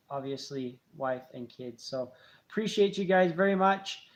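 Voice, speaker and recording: Guy in his 30s rambling thanks at the end of a livestream, friendly, easygoing. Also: fairly high pitch. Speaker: channel host. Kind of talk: casual livestream chat.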